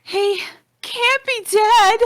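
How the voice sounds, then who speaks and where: Brief: male reader in falsetto as a defiant grieving cat girl; very high, bright, slow. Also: no echo, exaggerated voice. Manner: shrill falsetto pleading. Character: young female pink cat, grief-stricken and defiant. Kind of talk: live comedic fanfic reading.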